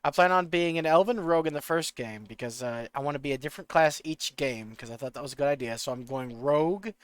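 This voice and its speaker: A man streaming a video game, chatting casually, rambling and swearing in his excitement, with a slight rural American accent. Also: on the high side, quick pace, clear, resonant tone, no room sound.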